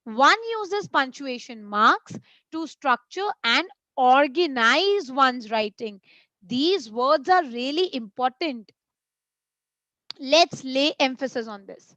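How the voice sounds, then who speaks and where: A young Indian woman teaching an online English grammar class, speaking slowly and stressing key words with deliberate pauses. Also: high-pitched, expressive, a bit bright, no echo.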